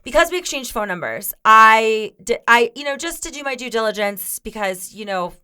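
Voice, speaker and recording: A woman's voice: a little high, expressive, moderate pace, sharp tone, smooth. A woman co-hosting a podcast, rambling through a story in casual chat, swearing and laughing often. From Florida. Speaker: podcast co-host.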